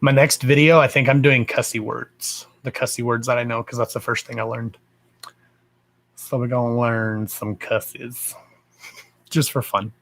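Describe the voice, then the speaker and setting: A man's voice: mid-range voice, level tone, unhurried, vocal fry, fairly bright tone, rough recording. A man with a Texan accent hosting a casual live stream, chatting freely, greeting viewers with endearments and swearing offhandedly. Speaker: psychic live-stream host.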